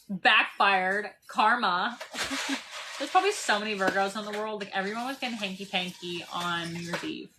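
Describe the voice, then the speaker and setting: A woman's voice: medium pitch, moderate pace, background noise. A woman in her twenties, chatty and laughing often as she chats on a live stream, her voice a little worn. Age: 20s. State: losing her voice. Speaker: TikTok live streamer and landlord. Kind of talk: casual live-stream chat. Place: parked RV at a state park.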